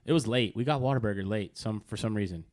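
A man's voice: on the low side, fast talker. A man from Texas, a DJ and comedian, telling stories with lots of laughter as a podcast guest. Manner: lively storyteller who laughs often. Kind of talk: casual chat, storytelling.

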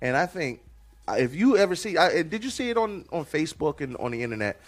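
A man's voice: fairly high pitch, fast talker. A man hosting a casual chat show, joking and cutting in on the others. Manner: animated, joking, interrupting. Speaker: host.

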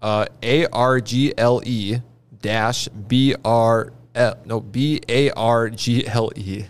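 A man's voice: medium pitch, fairly even intonation, takes it slowly. A man hosting a podcast, running a word game in casual chat and laughing often. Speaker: podcast host.

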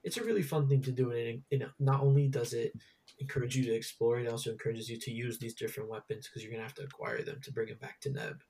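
A man's voice: mid-range voice, fairly even intonation, fast talker, darkish tone, slightly rough. A young man hosting a casual gaming chat, rambling with lots of fillers and restarts. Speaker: podcast host.

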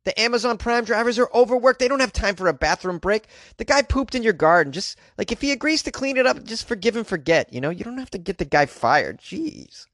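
A young adult man hosting a comedy podcast from a closet, riffing in an animated, self-mocking way. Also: high-pitched, a little fast, hardly any pauses, no room sound, studio quality. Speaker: podcast host.

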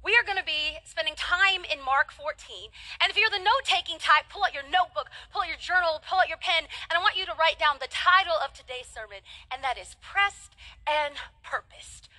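A woman preacher delivering a sermon with animated, humorous storytelling and dramatic pauses. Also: extremely high pitch.

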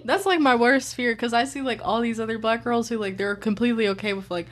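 A woman's voice: on the high side, quick pace. A young woman in casual chat, playful and jokey. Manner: playful, jokey, tries silly accents.

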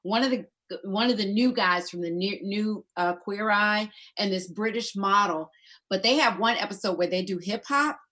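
A woman in casual chat, animated and stubborn, exclaiming often. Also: mid-range voice, normal speed.

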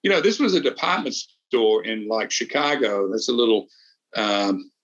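A man's voice: fairly low pitch, expressive, normal speed, a bit bright, dull audio. A middle-aged man, a podcast co-host, chatting casually and rambling through stories with restarts. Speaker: podcast co-host, former golf champion. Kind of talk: casual chat.

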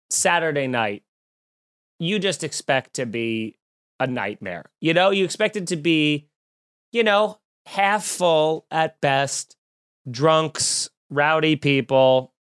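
This young adult man, a stand-up comedian, has a fairly high, clean-toned voice. He tells a casual, jokey story on a podcast, animatedly performing the voices of the people in it.

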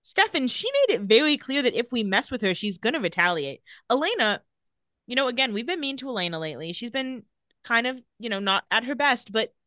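A woman's voice: sing-song, brisk, sharp tone, no room sound, studio quality. A woman co-hosting a podcast, casually recapping a TV episode and acting out the characters' lines. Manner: reads out scene lines, acting them with big pitch jumps. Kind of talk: casual chat.

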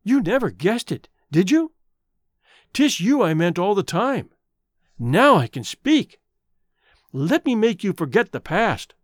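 A male narrator plays an idealistic young man with lofty, romantic notions, speaking earnestly. The voice sits fairly high with a lively lilt, and the storybook reading sounds dry and close. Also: slow, pauses often, no echo, exaggerated voice. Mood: impassioned. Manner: earnest, impassioned.

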